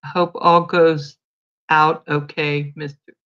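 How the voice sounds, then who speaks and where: A chatty woman hosts a casual livestream, greeting viewers by name and telling little stories. Her low voice is bright and forward, with a level tone and slow pace, though the recording sounds dull and lo-fi.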